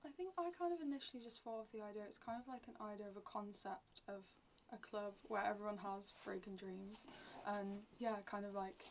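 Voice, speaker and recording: A woman from a band chats through her answers with a gravelly, creaky edge. She talks loosely and hesitantly, full of fillers. The mic sits a bit far off, with faint background noise. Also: medium pitch, a little fast. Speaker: band member. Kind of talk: casual interview answers.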